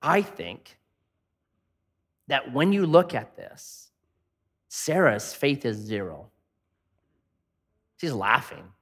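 A male pastor preaching a sermon in an animated, joking, conversational way. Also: medium pitch, very slow, pauses often, slightly rough.

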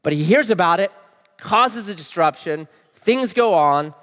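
A man's voice: high-pitched, expressive, measured pace, a bit bright, long reverb tail. A man preaching a sermon in a conversational way, often asking his listeners questions. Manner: conversational, asks the audience questions. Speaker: pastor.

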